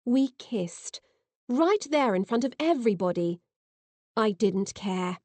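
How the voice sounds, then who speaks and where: A woman narrating an audiobook in first person with lively, expressive reading, on a close mic. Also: on the high side, slow pace, no room sound.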